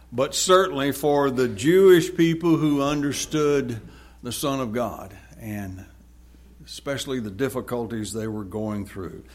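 A man preaching a sermon, reading scripture aloud with rising force and then explaining it conversationally. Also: medium pitch.

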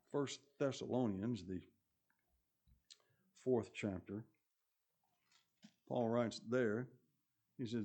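A man preaching a sermon, stressing points loudly, then dropping to quiet asides, and often repeating his phrases. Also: mid-range voice, breathy edge.

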